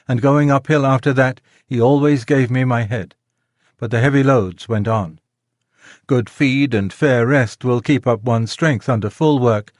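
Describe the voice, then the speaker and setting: A man narrating a classic children's novel in a measured, gentle storytelling manner. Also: mid-range voice, dry recording, studio quality. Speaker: audiobook narrator. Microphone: close studio mic, dry.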